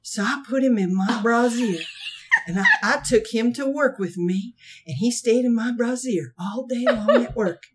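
A woman's voice: fairly high pitch, normal speed, breathy edge. A woman putting on the voice of a lonely, eccentric older woman who keeps a pet squirrel, speaking in a plain, earnest, ungrammatical way.

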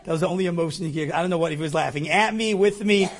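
A middle-aged man with a fairly high voice recounts a personal anecdote. He is animated and self-mocking, and he acts out his own lines as he tells it. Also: racing. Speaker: storyteller. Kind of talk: personal anecdote told to an audience.

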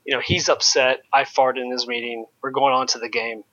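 A former pro baseball pitcher telling loose, candid stories in an interview, full of "like" and "you know". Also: male voice, flat delivery, a little fast, sharp tone, highs cut off. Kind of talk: casual storytelling in an interview.

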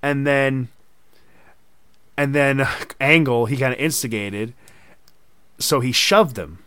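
A man's voice: medium pitch, slow, a bit bright, smooth, no echo. A man hosting a casual podcast chat, telling stories animatedly and acting out quoted voices. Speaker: podcast host.

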